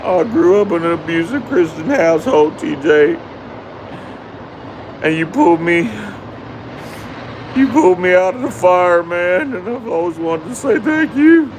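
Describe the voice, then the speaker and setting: A man's voice: high-pitched, expressive, a little slow, pauses often, a little hiss or hum, pitched above the performer's own voice, poor audio. A man voicing a nervous, earnest young male caller, stammering as he thanks the host.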